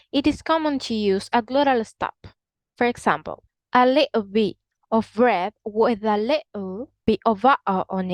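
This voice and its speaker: A woman's voice: fairly high pitch, no room sound. Woman explaining English pronunciation. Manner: explanatory, models pronunciations slowly. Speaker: English teacher. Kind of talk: online language lesson.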